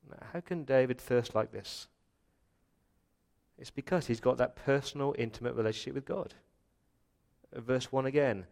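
A middle-aged Australian man preaching a sermon as pastor in a church, moving from quiet reflection to loud, impassioned pleading. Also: medium pitch, normal speed, creaky, pauses often.

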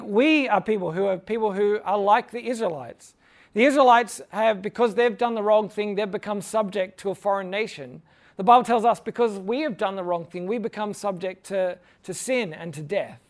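A high-voiced man gives an informal Bible talk full of jokes. He chuckles along and leans on "like" as he retells the story in a casual teaching style. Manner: jokey, chuckling, fills talk with "like".

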